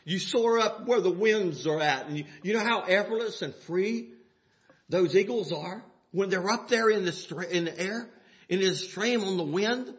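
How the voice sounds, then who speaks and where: An older man preaching a sermon in a folksy way, dropping to soft asides and rising to shouts. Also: high-pitched, moderate pace, muffled recording.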